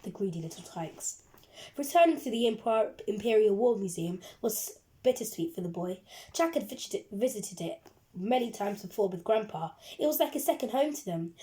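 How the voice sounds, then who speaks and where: Mellow-voiced woman reading a storybook. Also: mid-range voice. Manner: expressive, lively storytelling. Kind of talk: reading a children's book aloud.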